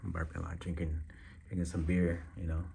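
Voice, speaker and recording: A man with a very low voice speaks straight to his viewers in a relaxed vlog. His talk is slangy and loose, with frequent pauses and fillers as he thinks aloud. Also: creaky, slight background noise. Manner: laid-back, slangy, halting with many fillers. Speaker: vlogger. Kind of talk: casual direct-to-camera update.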